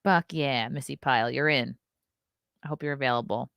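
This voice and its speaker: A woman's voice: extremely low pitch, normal speed, creaky, a bit bright, smooth, no room sound, clean studio sound. A woman, hosting a casual live stream, chatty and riffing, laughing often. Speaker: host.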